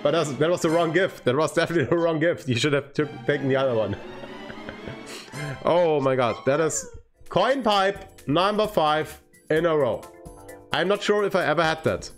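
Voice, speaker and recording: Excitable streamer guy, kinda high voice, quiet game music behind. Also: moderate pace. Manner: excitable, swings from groaning to cheering. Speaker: livestreamer. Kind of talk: live gameplay commentary.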